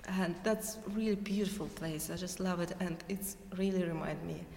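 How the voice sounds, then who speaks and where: A woman's voice: on the low side, normal speed, gravelly, a little mellow. Hesitant woman with a Russian accent. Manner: hesitant, searching for words, laughs often. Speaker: interviewee. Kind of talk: casual interview answers. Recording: echoey hall, faint background noise.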